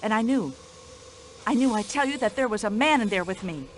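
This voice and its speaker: Actress as a nosy older American widow for a game, high and swooping, bright-edged, easily offended. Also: female voice, animated, fairly quick, slight background noise, close to an everyday voice. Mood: indignant. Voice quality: shrill, indignant, chatty. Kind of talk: video game voice acting.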